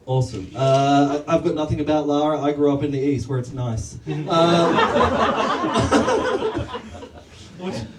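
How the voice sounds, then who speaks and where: A man's voice: fairly high pitch, big pitch swings, a little slow. A man doing stand-up crowd work as MC in a comedy club, rambling and self-deprecating, laughing at his own jokes. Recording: echoey club from a distance, noisy.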